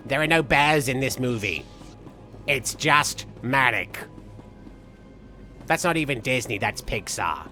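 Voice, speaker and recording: Bright sharp villain guy, as a streamer puts him on, theatrical and goofy, game music faint underneath. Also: medium pitch, animated, slow, pauses often, exaggerated voice. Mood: playful. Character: theatrical, vain, mock-menacing male villain persona. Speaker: streamer voicing a cartoon villain persona. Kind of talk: live game stream chat with in-character banter.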